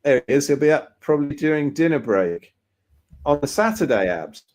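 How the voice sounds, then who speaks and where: A man's voice: fairly high pitch, sing-song, moderate pace, a little mellow. A man hosting a casual online Q&A over a video call, full of teasing, jokey banter with his guest. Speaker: host.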